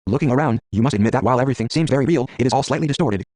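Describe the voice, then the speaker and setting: Man, text game narration, brisk reading, dry close sound. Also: mid-range voice, a little mellow, no room sound. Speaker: game player reading aloud.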